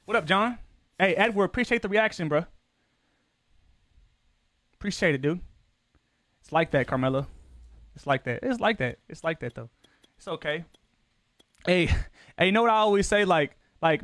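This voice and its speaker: A man's voice: high voice, lively intonation, normal speed, pauses often, a bit bright, no echo, studio quality. A man streaming a football video game, chatting casually with his viewers in loose, profane slang, his voice jumping up when he gets defensive. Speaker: gaming streamer.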